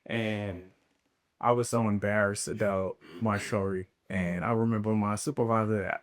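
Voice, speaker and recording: A man co-hosting a podcast, candidly telling his own story in a relaxed, slangy way. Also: on the low side, normal speed. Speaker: podcast co-host. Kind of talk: casual conversation.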